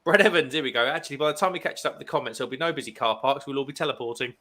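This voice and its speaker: Bright joking man hosting. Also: mid-range voice, racing. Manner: reads out chat comments, joking. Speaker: livestream host. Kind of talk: casual banter.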